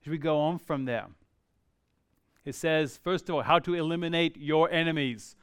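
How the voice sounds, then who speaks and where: A man preaching a sermon earnestly, swinging from loud emphasis to quiet, slow passages. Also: on the high side, clear, resonant tone, dry recording, clean studio sound. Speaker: pastor.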